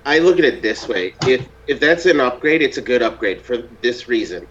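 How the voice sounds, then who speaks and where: A man's voice: medium pitch, expressive, normal speed, muffled recording, noisy background. A man hosting a casual group chat show, loose and swearing freely, laughing often. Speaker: podcast host.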